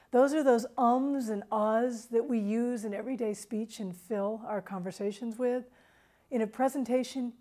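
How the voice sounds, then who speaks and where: A woman with a fairly high voice explains how to speak well in a presentation. She gives an instructional talk and demonstrates her tips, moving her pitch and pace up and down as she goes. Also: a little mellow. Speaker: writing center instructor. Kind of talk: instructional video on vocal delivery.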